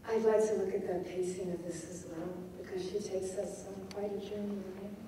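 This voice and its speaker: A woman giving a poetry lecture, measured and often checking in with her audience. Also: medium pitch, little pitch movement, far from the mic, background noise. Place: lecture hall. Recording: echoey hall recorded from afar.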